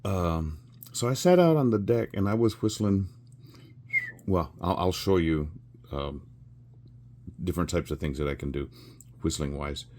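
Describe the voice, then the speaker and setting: A man's voice: low voice, expressive, unhurried, long pauses, a little mellow. A man in his sixties telling a rambling story with chuckles and fillers while he works on a craft. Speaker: resin crafter.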